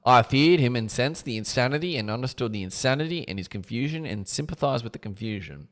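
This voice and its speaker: A man's voice: mid-range voice, lively intonation, quick pace. A man reading a book aloud on a livestream, breaking off for casual asides that include swearing. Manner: casual asides with swearing between read passages.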